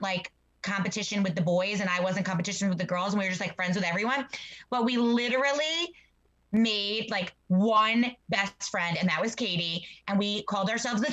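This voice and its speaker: A woman co-hosting a live podcast over a video call, her voice bright and forward. She talks effusively, wandering into asides and fillers. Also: a little high, low-quality recording. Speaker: podcast co-host. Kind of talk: casual interview chat.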